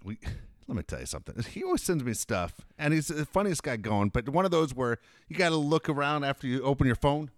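A man's voice: animated, no echo, studio quality. A man co-hosting a radio show, chatting casually and doing a live ad read with a salesman's push. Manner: fast, pitchy, salesman-like delivery.

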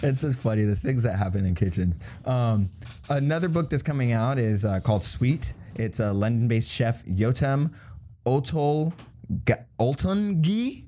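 A man's voice: medium pitch, animated, unhurried, mellow. A young man co-hosting a casual podcast chat, rambling through a list with fillers and frequent laughs. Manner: rambling, laughs often, imitates people. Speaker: podcast co-host.

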